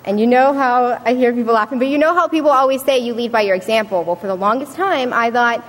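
A woman's voice: on the high side, fast talker. Earnest young woman speaking in a hall. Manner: earnest, storytelling with acted quotes. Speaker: student speaker. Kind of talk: prepared speech to an audience. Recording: reverberant hall.

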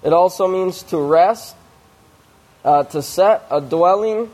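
Slow, measured male preacher. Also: high-pitched, darkish tone. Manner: reads verses aloud with fillers and restarts. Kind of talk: slow scripture study sermon.

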